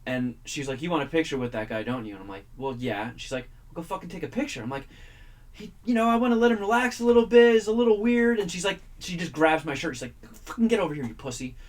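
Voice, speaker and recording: A man's voice: fairly high pitch, lively intonation, fast talker. Chatty man telling a story on radio. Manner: chatty, swears casually, acts out quoted voices. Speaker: radio show regular. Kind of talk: casual storytelling. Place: radio studio.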